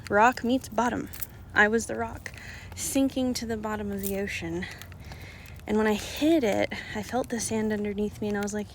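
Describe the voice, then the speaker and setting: A woman with a mid-range voice tells her own story straight to her viewers. She is frank and swears freely. She drops to a near-whisper, then comes back up with emphasis, over a faint background hiss. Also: mid-range voice. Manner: frank and profane, drifting between hushed and emphatic. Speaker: oracle card reader and vlogger. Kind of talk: candid personal storytelling.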